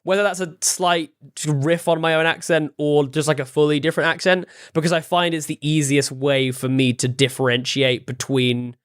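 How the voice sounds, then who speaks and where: A man's voice: on the high side, little pitch movement, normal speed, hardly any pauses, clean tone, no room sound, clean studio sound. A man from England chatting casually on a podcast, laughing often and playful. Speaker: podcast regular, player. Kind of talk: casual chat.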